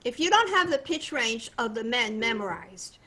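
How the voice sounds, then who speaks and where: Bright-voiced older woman teaching voice. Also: a little high, normal speed, slight background noise. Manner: explanatory, conversational, animated. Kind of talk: voice lesson demonstration and explanation.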